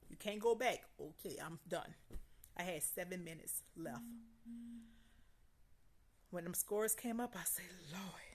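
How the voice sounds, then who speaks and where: A woman recounts a personal story in a casual vlog. Her low voice has a gravelly, creaky edge. She tells it animatedly, repeating lines and acting out the back-and-forth with a friend. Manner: animated, repetitive storytelling with dramatic quoted dialogue. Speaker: vlogger.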